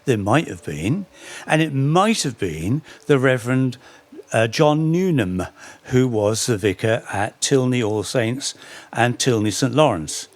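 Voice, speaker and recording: A man's voice: medium pitch, expressive, measured pace, dry recording. A middle-aged man giving an anecdotal talk on folk history, with dry humour and frequent self-corrections. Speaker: speaker giving a public talk.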